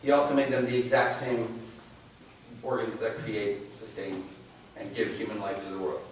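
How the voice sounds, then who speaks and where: A man giving an informal faith talk to a class, animated and joking, often restarting his sentences. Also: on the low side, normal speed, a little hiss or hum. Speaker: catechism class presenter. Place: church meeting room. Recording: very echoey room, mic at a distance.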